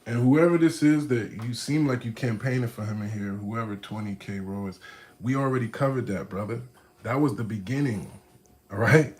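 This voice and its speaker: A man hosting a casual live stream, reacting to a video and talking straight to his chat in street slang, animated and mocking, dropping to low mutters and then bursting out loud. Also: moderate pace.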